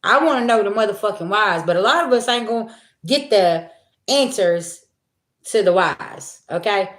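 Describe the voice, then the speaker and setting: In an echoey room, a woman gives her viewers a spiritual reading as a casual monologue, blunt and profane, repeating herself for emphasis. Her medium-pitched voice has lively intonation and a moderate pace.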